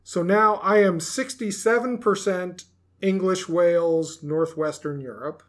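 A man's voice: sits high, measured pace. An American man co-hosting a podcast, chatting casually and cracking teasing jokes. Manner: joking, teasing. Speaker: podcast co-host. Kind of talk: casual chat.

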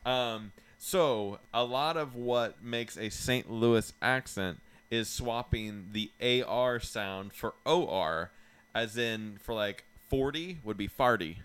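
A man's voice: medium pitch, takes it slowly, fairly bright tone, clear, resonant tone. A man hosting a podcast in casual chat, rambling through a ranked list with frequent laughs and restarts. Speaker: podcast host.

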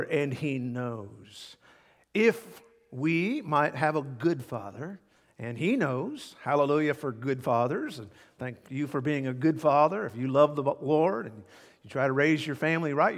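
A man preaching a sermon as pastor, emphatic, repeating key words and swinging between loud and hushed. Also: on the high side. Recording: long hall reverb.

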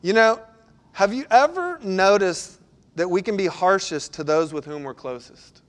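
A middle-aged man, a pastor, preaching a sermon and telling stories, sometimes breaking into loud bursts. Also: high-pitched, measured pace. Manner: storytelling, animated with sudden loud bursts.

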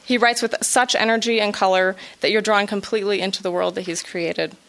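A woman at a reading introduces the next reader in a measured, prepared way. Her pitch sits in an ordinary middle range, and she speaks like a writing teacher presenting a student's work with admiration. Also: fairly even intonation, fairly bright tone.

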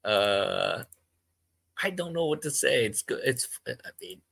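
A man's voice: mid-range voice, big pitch swings, a little slow, vocal fry, a bit bright, breathy edge, dry recording. A man hosting a podcast who reads amateur fiction aloud, stumbles, corrects himself, and breaks off into rambling asides. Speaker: podcast host.

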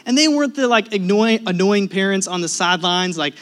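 Pastor guy, pretty high voice, preaching and telling stories, goes loud then drops to quiet asides. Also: fairly quick. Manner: animated storyteller, swings between loud emphasis and hushed asides. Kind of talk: sermon with personal stories.

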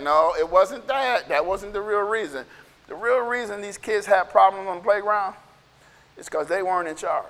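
A man teaching a Bible lesson in a playful, emphatic way, now and then shouting to drive a point home. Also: high voice, moderate pace, big-room sound. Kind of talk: animated sermon with acted-out quotes.

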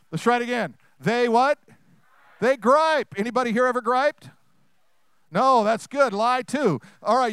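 A man with a high, smooth voice preaches a sermon and quizzes the people in front of him. He swings from loud, quick bursts to hushed, drawn-out lines. The sound is dry, with little room echo.

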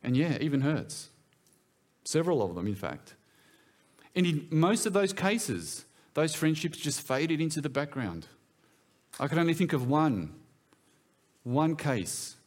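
Lively conversational male preacher. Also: mid-range voice, moderate pace. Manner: conversational, asks the listeners questions. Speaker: pastor. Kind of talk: sermon. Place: church.

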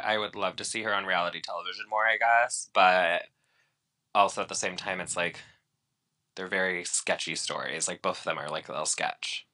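A man's voice: deep voice, steady tone, a little fast, bright, forceful tone. A man co-hosting a podcast, joking and rambling in a sassy, casual way. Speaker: podcast co-host. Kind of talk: casual chat.

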